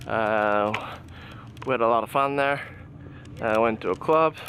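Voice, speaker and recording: A man vlogging his travels chats casually into a handheld camera and laughs often, first in a bar and later out on a city street at night. His voice is on the low side, a bit bright, and a little slow. There's a slight hiss or hum in the audio.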